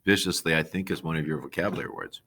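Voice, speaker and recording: A man's voice: rumbling low, rapid-fire, fairly bright tone, slightly rough. A man teaching a class, reading a novel aloud and stopping to explain words to his students. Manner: plain read-aloud with asides to the class.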